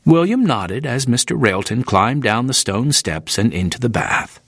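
Expressive male audiobook narrator. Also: medium pitch, measured pace, hardly any pauses, breathy edge, no room sound, clean studio sound.

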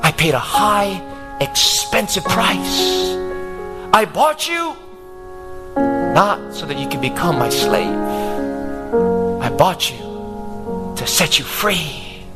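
A man preaching, voicing a generous male slave owner in a sermon story, speaking calmly and earnestly. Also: fairly high pitch, slow, pauses often, over loud music, voice pushed down.

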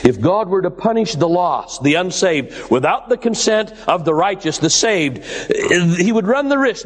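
A man preaching a sermon with dramatic swings of pitch and emphasis, calling his listeners "my dears.". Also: big pitch swings, a little slow. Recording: long hall reverb.

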